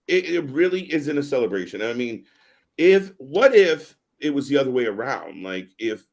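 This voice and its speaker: Male co-host, sarcastic and profane, very animated delivery. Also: medium pitch. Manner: sarcastic, swears, laughs a lot. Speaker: podcast co-host. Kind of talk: casual wrestling chat.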